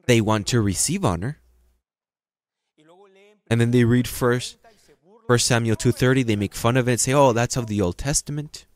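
A man preaching a sermon as pastor, reading scripture slowly and breaking into sudden loud, emphatic passages. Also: medium pitch. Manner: reads scripture aloud slowly and stresses it.

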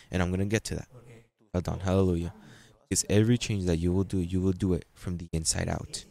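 A man preaching a sermon as pastor, emphatic and repetitive, with halting restarts and sudden jumps in pitch. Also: level tone, creaky, mellow.

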